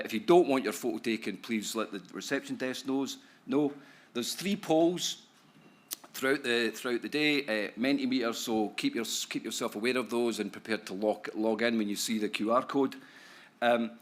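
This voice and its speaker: A Scottish man from Scotland, an economist speaking to a conference audience in a chatty, joking way with many tag questions. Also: medium pitch. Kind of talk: conference talk to a live audience. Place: conference hall.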